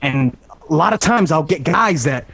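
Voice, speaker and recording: A man's voice: a little high, expressive, moderate pace, creaky, a bit bright, slightly rough. A man ranting in a casual podcast chat, opinionated and swearing. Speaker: podcast host.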